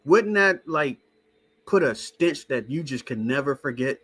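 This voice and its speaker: A man's voice: medium pitch, animated, measured pace, a bit bright, breathy edge. A man hosting a casual stream, talking to his chat in a profane, skeptical way. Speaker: show host. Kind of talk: casual live-stream talk.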